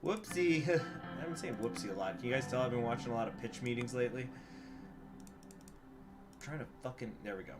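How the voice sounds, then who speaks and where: Brief: easygoing male streamer reading aloud, mid-pitched, guitar music underneath. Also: fairly quick, pauses often. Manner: chatty, self-deprecating, reads text aloud. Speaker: streamer playing a political game. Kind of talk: casual gameplay commentary, reading aloud. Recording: guitar music playing behind.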